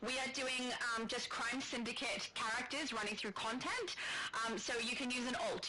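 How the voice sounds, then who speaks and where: A woman's voice: fairly high pitch, moderate pace, a crowd in the background. A woman co-hosting a game livestream, chatting casually, laughing easily and reading out viewer questions. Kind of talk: casual chat.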